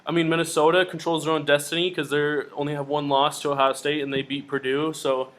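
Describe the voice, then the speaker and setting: An excitable young man chats about college football as a podcast co-host. His voice sits a little high. He talks fast and gets worked up. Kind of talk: casual sports chat.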